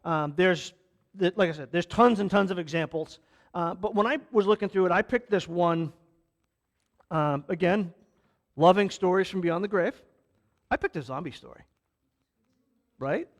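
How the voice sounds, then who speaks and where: A man's voice: high voice, moderate pace, long pauses. A male pastor giving a conversational sermon, restarting his sentences and acting out quotes as he retells stories.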